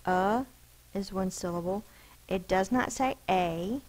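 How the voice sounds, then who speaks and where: A woman's voice: mid-range voice, darkish tone, poor audio. Patient woman teaching spelling. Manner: patient, explains slowly, sounds out letters and syllables. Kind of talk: recorded spelling lesson.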